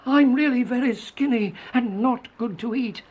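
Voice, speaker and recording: The middle billy goat, nervous and eager to bargain, put on by the reader. The voice sits well above the narration and comes out loud and urgent. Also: medium pitch, moderate pace, voice pushed up, lightly acted. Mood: anxious.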